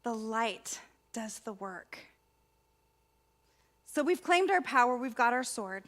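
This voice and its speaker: Woman preaching a spiritual talk, higher voice, chatty and expressive. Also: slow pace. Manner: expressive, repetitive emphasis, conversational. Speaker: spiritual practitioner and ministry student speaker. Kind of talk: inspirational sermon talk.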